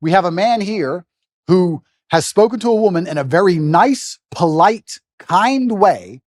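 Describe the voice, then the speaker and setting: A man's voice: high-pitched, lively intonation, a little slow, big-room sound. A man talking in a boastful, crude and provocative way in a recorded talk clip.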